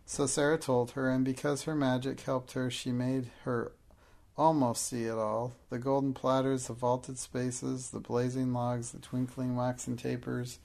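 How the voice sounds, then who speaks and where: A man narrating a storybook in a measured, even reading. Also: mid-range voice, creaky. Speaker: audiobook narrator.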